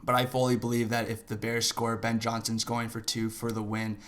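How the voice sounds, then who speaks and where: A man analyzing game film in a casual, profane way who flares into loud angry rants. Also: mid-range voice, completely flat delivery, normal speed. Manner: profane, shifts into shouting rants. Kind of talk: casual film breakdown commentary.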